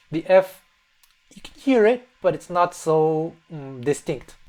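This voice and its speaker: A man whose first language is English, teaching pronunciation in a casual spoken lesson, relaxed and repeating words slowly to demonstrate. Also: on the high side. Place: Fukuoka, Japan.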